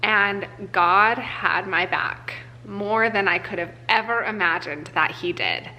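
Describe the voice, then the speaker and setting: A woman's voice: medium pitch, slow pace, pushed and bright, a little hiss or hum, rough recording. A young woman telling an earnest, emotional personal story in a casual vlog, full of "like" fillers. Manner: casual speech with frequent "like" fillers. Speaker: vlogger. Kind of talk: personal life update vlog.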